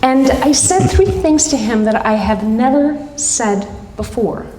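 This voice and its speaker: A middle-aged woman telling a personal story live on stage, with dramatic pauses between short phrases. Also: a little high, animated, warm tone, slight background noise. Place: stage at a live event hall. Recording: roomy hall reverb.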